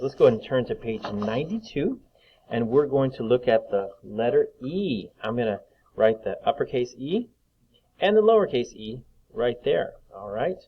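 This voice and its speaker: A man teaching young children to read, slowly sounding out letters and words with patience. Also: mid-range voice, slightly rough, highs cut off. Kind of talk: reading lesson for young children.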